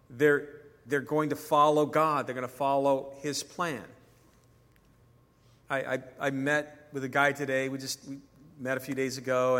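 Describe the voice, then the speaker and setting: A man's voice: medium pitch, sharp tone, long reverb tail. A male pastor preaching a sermon in a conversational way, acting out dialogue when he tells stories.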